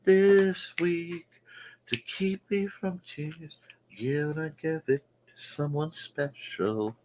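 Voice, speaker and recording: A man's voice: a little high, takes it slowly, darkish tone, a little hiss or hum. A man hosting a casual morning chat show, joking and riffing on viewer comments in a goofy manner. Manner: goofy, jokey, mock-announcer asides.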